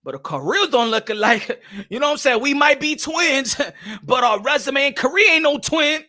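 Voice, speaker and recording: A man hosting a boxing live stream, greeting viewers and ranting loudly with lots of profanity and occasional Spanish phrases. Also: very high voice, expressive, moderate pace. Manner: loud, hyped, profane, frequent shouting. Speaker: boxing channel host. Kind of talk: live-stream commentary and viewer shout-outs.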